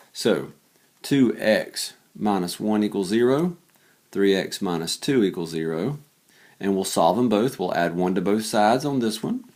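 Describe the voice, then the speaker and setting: Low-voiced male teacher, weary late-night energy, chatty and self-deprecating while solving equations out loud. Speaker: math teacher. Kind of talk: casual worked-example math lesson.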